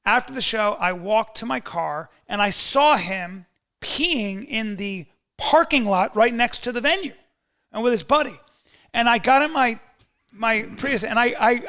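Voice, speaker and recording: A man, a comedian guest on a podcast, telling animated stories in a boastful, excitable way and swearing often. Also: extremely high pitch. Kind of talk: animated storytelling chat.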